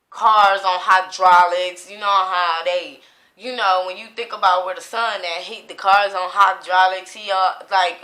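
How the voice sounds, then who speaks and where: A woman in a casual tarot reading, her voice bright and sharp as she rambles on with plenty of swearing. The room around her is echoey. She jumps from one thought to the next. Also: mid-range voice. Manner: rambling, profane, stream-of-consciousness. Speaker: tarot reader.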